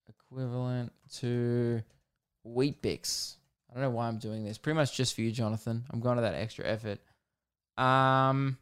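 Australian man, podcast host, rambling jokey chat, smooth clear voice, mid pitch. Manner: rambling and jokey, with lots of fillers. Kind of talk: casual solo podcast chat.

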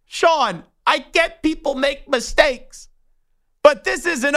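A man's voice: very high-pitched, a little slow, gravelly, sharp tone. A young adult man hosting a sports talk show, ranting in an indignant, worked-up way. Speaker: sports radio host. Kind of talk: heated talk-show rant.

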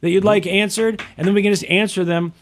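A middle-aged man co-hosting a casual podcast, telling animated stories with swearing. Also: sits high, fairly quick. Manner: animated storytelling, swearing, mimics others. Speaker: podcast co-host.

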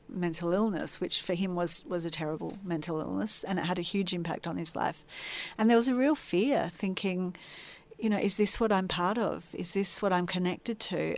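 A woman from Tasmania, a podcast guest, telling her personal story in an earnest, reflective way. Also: on the low side. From Tasmania, Australia.

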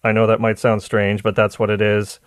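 A man doing a low, dry robot voice for an AI chatbot. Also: completely flat delivery, normal speed, clean tone, no room sound, lightly acted. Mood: earnest. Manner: mechanical robot-style delivery. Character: AI chatbot, speaking earnestly in a robot voice.

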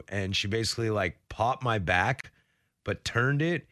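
A man's voice: lowish voice, measured pace, pushed and bright, no room sound, clean studio sound. Rambling male sports radio co-host. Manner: rambling storyteller with many fillers; acts out quoted people in his stories. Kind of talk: casual sports radio chat.

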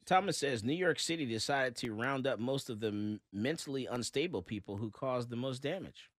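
Male talk host, lively pitch, blunt storyteller. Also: moderate pace, no echo, studio quality. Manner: animated storytelling, blunt opinions. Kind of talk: casual talk radio chat.

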